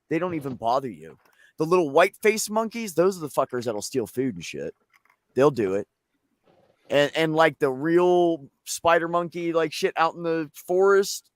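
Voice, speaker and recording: A show co-host from Pennsylvania with a voice on the high side tells a loose, rambling, profane story in casual chat, doing animated voices for the people in it. There's no room sound.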